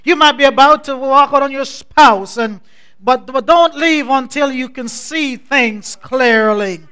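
A man preaching a sermon as pastor, building through repeated refrains that rise in a preaching cadence. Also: very high-pitched. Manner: repetitive, rising preaching cadence; measured, soft-spoken scripture introduction.

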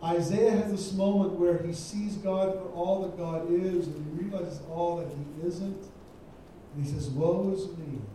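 A man preaches a sermon with emphatic, repeated phrases. His voice sits high for a man yet sounds very dark and mellow. He is caught from well back in a very echoey church, with faint room ambience behind. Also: steady tone, a little slow, far from the mic, a little hiss or hum. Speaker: guest preacher. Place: church sanctuary.

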